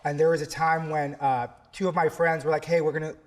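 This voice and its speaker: A man's voice: fairly high pitch, little pitch movement, a little fast. A man from South Texas, a theatre teacher, telling a story in an interview with many fillers and restarts.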